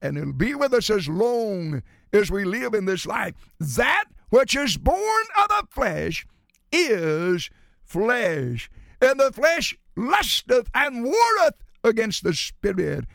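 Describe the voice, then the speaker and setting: A man preaching a sermon, emphatic, swinging from shouted lines to low, quiet drops. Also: vocal fry, dry recording, studio quality.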